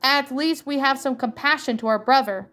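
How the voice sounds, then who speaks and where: A woman reading a little girl's lines in a fan story, calm and sensible. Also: high voice, moderate pace. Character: Lisa, tiny genius girl, sensible.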